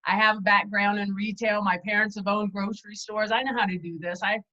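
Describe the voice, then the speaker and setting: A woman's voice: medium pitch, steady tone, brisk, pushed and bright. A woman guest telling her story candidly in a casual interview, over a dull lo-fi video call. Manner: chatty, candid, self-deprecating.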